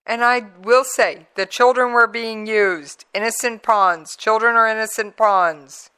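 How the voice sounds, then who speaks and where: A woman talk radio host with a bright, forward tone and an unhurried delivery. She talks in a conversational, emphatic way, leaning on pauses for effect. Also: on the high side, clean tone. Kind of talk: talk radio commentary with played clips.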